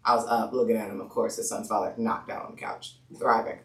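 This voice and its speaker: A woman telling her birth story in casual chat, an animated storyteller who acts out quotes and laughs often. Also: rumbling low, quick pace. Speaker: podcast guest. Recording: echoey room, mic at a distance.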